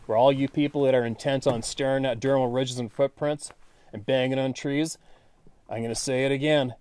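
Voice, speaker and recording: A man's voice: mid-range voice, steady tone, normal speed, a little mellow, clean tone. Blunt, frustrated man hosting his channel. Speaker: channel host. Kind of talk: casual monologue to viewers.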